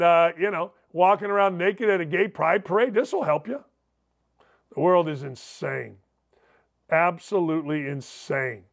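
An older man hosting sports radio rants through a sarcastic, mocking, opinionated monologue and reads listener messages aloud. His voice is high, creaky, and fairly bright.

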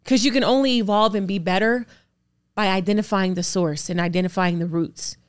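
On a podcast, a woman in her thirties, an actor and producer, talks candidly in a smooth, middle-pitched voice that's fairly quick with fairly even intonation. She's earnest and emphatic, often stacking one rhetorical question on another.

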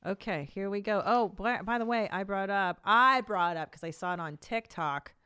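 A woman in her forties trades loose, profane jokes as a podcast co-host. Her voice is mid-pitched and recorded dry and close, with no room sound around it. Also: moderate pace, bright, forceful tone, clean tone, dry recording. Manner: profane, blunt, joking. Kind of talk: casual podcast banter.

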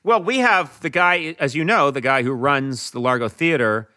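Man, bright voice, podcast guest, casual storyteller. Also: mid-range voice, normal speed. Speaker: guest, talk show host. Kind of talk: casual anecdote telling.

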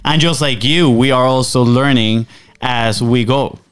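A man co-hosting a casual business podcast, talking in an animated way and stressing his points. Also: medium pitch, measured pace. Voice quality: smooth, animated delivery. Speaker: podcast co-host.

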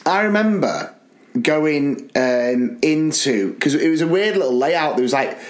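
A man co-hosting a podcast, telling school stories in an animated, laughing way. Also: on the high side. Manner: animated, laughing, quick bursts. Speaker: podcast co-host, school teacher. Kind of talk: casual storytelling chat.

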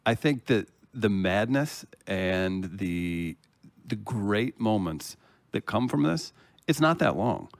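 A man, a producer of the podcast, chiming in with measured talk and many filler uhs. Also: on the low side, lively intonation, creaky, no echo. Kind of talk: casual podcast chat.

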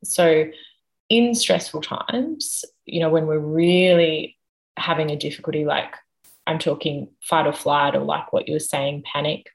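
A woman with a low-pitched voice talks as an interview guest. She explains her points patiently and in measured steps, building each idea in turn. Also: fairly even intonation, creaky, rough recording. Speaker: guest expert on the nervous system.

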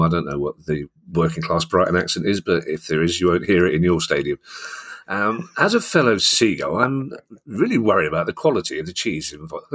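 A middle-aged man with a very deep, husky voice hosts a casual podcast. He reads listener questions and teases his co-host with playful banter. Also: a bit bright. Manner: teasing, jokey banter.

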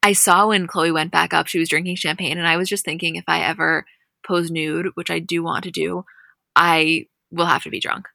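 A woman with a bright, forceful voice and a lowish pitch, chatting through a recap. The sound is dry and close, with no room around it. She tells the story with lively energy. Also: moderate pace, gravelly, no room sound. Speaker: podcast co-host. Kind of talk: casual recap chat.

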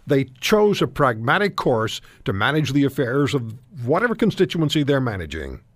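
A man's voice: mid-range voice, sing-song, normal speed, dry recording. A man hosting a talk radio show, interviewing guests and giving emphatic commentary with frequent restarts.

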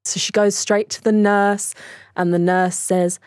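Brisk, matter-of-fact woman narrator. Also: mid-range voice, little pitch movement, a little mellow, clear, resonant tone, no room sound, studio quality. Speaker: comedian panelist. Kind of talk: improvised comic retelling.

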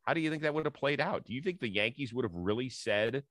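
A podcast host speaks at a medium pitch, quick and animated, with a slightly bright tone on a recording free of echo. He's chatty, trading casual banter, plugging upcoming episodes, and hyping his guests and sign-offs.

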